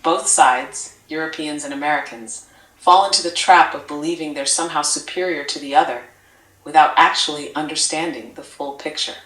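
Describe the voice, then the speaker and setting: A synthetic woman's voice speaking as a doting AI assistant, calling the listener sweetheart and talking in measured, list-like phrases. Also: low voice, fairly bright tone, roomy sound, poor audio. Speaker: AI chat assistant. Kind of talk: affectionate scripted-sounding replies.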